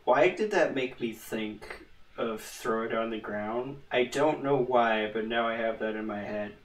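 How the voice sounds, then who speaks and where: A man hosts a gaming channel, rambling through a casual let's-play with jokes and self-mockery. His medium-pitched voice is unhurried and sits away from the mic in a roomy, echoing space, with a little hiss or hum in the background.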